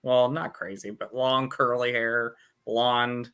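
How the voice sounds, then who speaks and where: Man in his thirties, bright tone, rambling, lots of filler words. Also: mid-range voice, steady tone, takes it slowly, clear, resonant tone. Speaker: guest. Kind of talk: casual chat.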